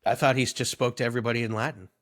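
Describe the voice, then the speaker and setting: A man's voice: medium pitch, rapid-fire. Rambling, amused man in his thirties. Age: 30s. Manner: rambling storyteller, amused and animated. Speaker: podcast co-host. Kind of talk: casual chat.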